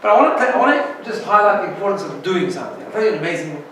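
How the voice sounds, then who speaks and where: A man's voice: high-pitched, expressive, rapid-fire, a bit bright, heavy reverb, far from the mic, slight background noise, low-quality recording. A man teaching an informal Torah class as a rabbi, chatty and often checking in with "right?". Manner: chatty, keeps asking "right?".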